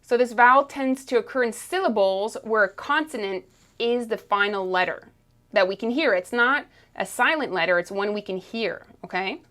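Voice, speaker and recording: A woman's voice: a little high, normal speed, bright, forceful tone. A woman teaching French pronunciation, explaining patiently and checking in with "okay?" after each point. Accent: Canadian French. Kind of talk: pronunciation lesson.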